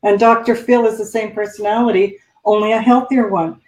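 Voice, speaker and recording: A woman's voice: medium pitch, fairly even intonation, brisk, a little mellow. A woman guest coach explaining ideas in a thoughtful, conversational way. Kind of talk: conversational interview. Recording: roomy, distant from the mic.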